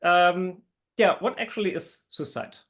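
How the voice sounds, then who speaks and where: A male co-host with a slightly raised pitch asks questions with curiosity. He hesitates and restarts a little as he shapes each question. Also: unhurried, fairly bright tone. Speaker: podcast co-host. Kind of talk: casual interview questions.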